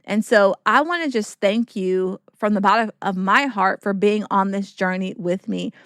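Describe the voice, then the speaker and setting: A woman hosts a faith-based podcast, speaking earnestly and encouragingly with preacherly repetition. Her medium-pitched voice is clear, resonant and fairly bright, at a normal speed, in clean studio sound with no echo.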